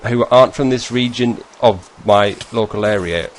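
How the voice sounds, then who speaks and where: His voice is on the low side and moves at normal speed, carrying the northern English accent of northeast England. This vlogger chats casually with viewers over a screen share, rambling along, fixing his own sentences partway through and chuckling in asides.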